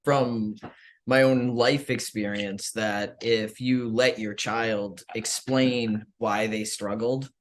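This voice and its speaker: Measured, reflective man co-host. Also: on the low side, steady tone, slight background noise. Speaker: podcast co-host. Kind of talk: casual chat.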